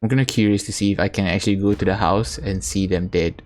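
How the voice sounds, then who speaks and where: A man's voice: sits low, steady tone, fast, a little mellow. A man casually commentating a video game in a joking, offhand way. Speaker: gaming streamer.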